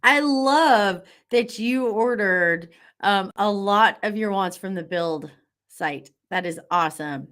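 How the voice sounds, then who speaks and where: A woman's voice: medium pitch, takes it slowly, a bit bright. A woman hosting a live online class, bubbly and encouraging, reading out viewer comments with lots of fillers.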